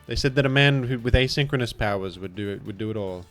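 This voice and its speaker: A man's voice: on the low side, quick pace, hardly any pauses, faint music behind. A man with a British accent commenting live on a game he is playing, rambling in a playful, mock-grandiose way. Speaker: streamer.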